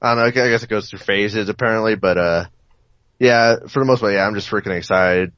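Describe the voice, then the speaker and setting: Hesitant low-voiced podcast co-host, man. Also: fairly quick, fairly bright tone, no echo. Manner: hesitant, full of fillers like "you know". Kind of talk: casual chat. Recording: dry, dull lo-fi sound.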